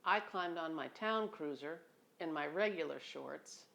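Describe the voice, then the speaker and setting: Woman reading her own memoir at home, lowish voice, thoughtful and chatty, dry humor. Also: unhurried, creaky, fairly bright tone. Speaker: memoir narrator. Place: home near a beach.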